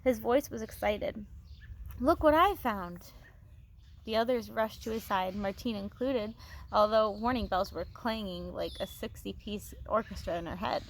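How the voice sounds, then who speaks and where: A woman teacher reading a novel aloud to her students, expressive, with small restarts, on a phone. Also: medium pitch, moderate pace, creaky.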